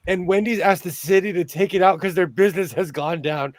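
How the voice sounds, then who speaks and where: A man's voice: sits high, brisk, dry recording. A man in his forties from California rambles through a casual chat in a slightly raised voice. His sound is dry and close, with no room around it. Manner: rambling, chatty storyteller.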